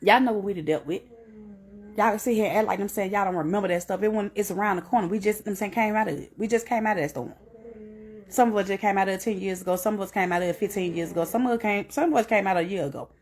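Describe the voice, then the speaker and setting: A middle-aged woman gives an earnest spoken testimony at a fast clip. She repeats herself and climbs to high, emphatic peaks.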